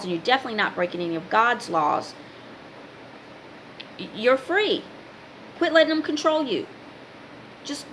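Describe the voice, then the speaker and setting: Bright-voiced woman giving spiritual advice. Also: medium pitch, slight background noise, poor audio. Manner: preachy, emphatic, repeats commands. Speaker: spiritual advice vlogger and card reader. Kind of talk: casual spiritual advice monologue.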